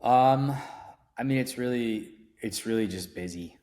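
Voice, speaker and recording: A man's voice: mid-range voice, unhurried, darkish tone. A middle-aged man chatting casually as a podcast guest, rambling with restarts and fillers. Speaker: event company founder, podcast guest. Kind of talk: casual interview chat.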